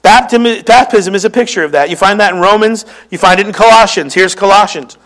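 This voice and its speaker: A man's voice: high voice, brisk, a bit bright. A man with a Philadelphia accent preaching a sermon, earnestly teaching and explaining scripture verses to his congregation. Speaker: pastor.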